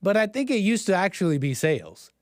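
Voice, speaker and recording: A man's voice: high voice, very animated, fairly quick, dry recording, clean studio sound. Sarcastic male stream host. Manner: sarcastic, mocking, rambling. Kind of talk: live-stream commentary monologue.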